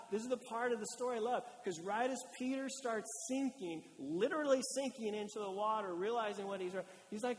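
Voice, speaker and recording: A male pastor delivering a sermon in a conversational, animated way, acting out little quotes as he goes. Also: sits high, brisk, few pauses, big-room sound.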